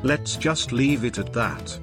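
A man's voice: mid-range voice, animated, slow, pitched above the performer's own voice. A man putting on the voice of a dry, formal male show announcer. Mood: deadpan. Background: music bed.

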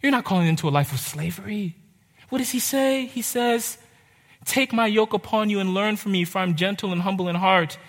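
A young man preaching a sermon, urgent and impassioned, with dramatic pauses. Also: high voice. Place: church hall. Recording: reverberant hall.

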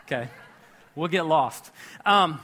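A pastor with a high, bright voice preaches slowly to a live church congregation. His tone is animated yet chatty, as if among friends, and he tells jokes and puts questions to the audience. On the words that count, he builds to a shout.

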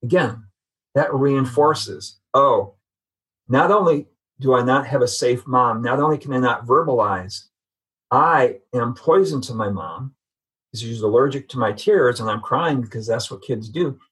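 Husky-voiced man telling his story. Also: mid-range voice, measured pace, fairly bright tone, low-quality recording. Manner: earnest, reflective storytelling. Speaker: podcast guest. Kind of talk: personal testimony in conversation.

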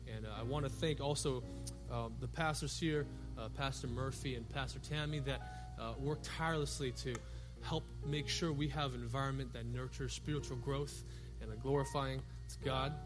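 A man's voice: mid-range voice, steady tone, moderate pace, music in the background. A man who is a youth and young adult pastor, preaching a sermon in a church in a loose, conversational storytelling way with frequent filler words.

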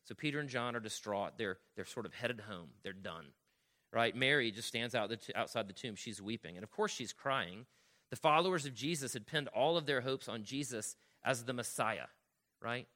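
A male pastor delivering a sermon with a bright, forward tone and a medium pitch. He teaches earnestly, reads scripture aloud, and keeps checking in with his listeners as he explains each point. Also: animated. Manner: reads scripture aloud, slowing on key lines.

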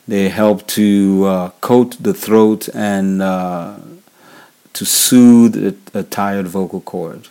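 A man's voice: on the low side, steady tone, slow pace, dark tone, clean tone. A man from Nigeria with a Nigerian accent, hosting a worship leader podcast and giving casual advice, often repeating his key points. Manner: repetitive, restates key points, frequent fillers. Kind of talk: casual instructional talk.

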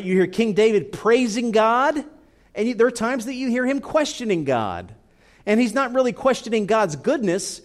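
A male pastor delivering a sermon in a slightly raised voice. He climbs high and loud when he acts out anguished prayers, then sinks low and soft to drive a point home.

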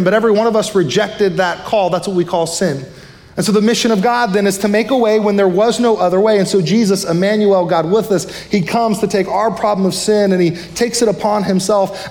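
High-voiced, fired-up male pastor preaching. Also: a little mellow, long reverb tail. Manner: fired up, fast-talking preacher. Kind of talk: sermon. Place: church sanctuary.

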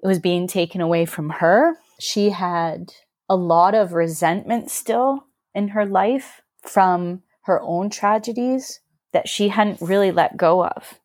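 A woman's voice: fairly low pitch, no room sound, studio quality. A woman on a podcast, earnestly telling a personal story in a reflective, emotional way. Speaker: podcast guest.

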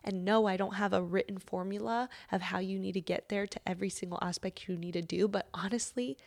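Young woman, gravelly fry, chatty motivational talk, mid-pitched, drifts into soft guided breathing. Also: steady tone, fairly quick. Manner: chatty, says "like" often, drops to soft near-whisper in guided parts. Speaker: host.

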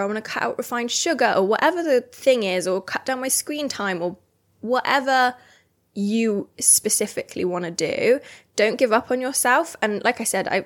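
A young adult woman hosting her own podcast, talking in a casual, reflective and rambling way with plenty of fillers. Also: mid-range voice. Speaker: podcast host. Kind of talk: casual solo podcast chat.

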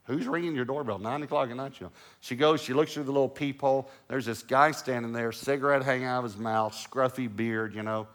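A middle-aged male pastor preaching a sermon, an animated storyteller who drops to hushed lows and rises to loud bursts. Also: fairly quick.

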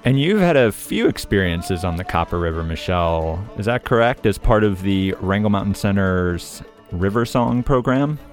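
Low-voiced male interviewer. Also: lively intonation, normal speed, soft background music.

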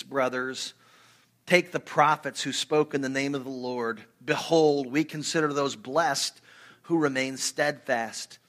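Bright, forceful male preacher. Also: mid-range voice. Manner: earnest, emphatic preaching with repeated words. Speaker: pastor. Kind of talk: sermon.

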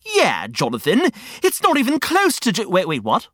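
A woman voicing an excitable young male wallaby with an Australian accent, eager and easily confused. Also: medium pitch, moderate pace, no room sound, clean studio sound, voice pushed up.

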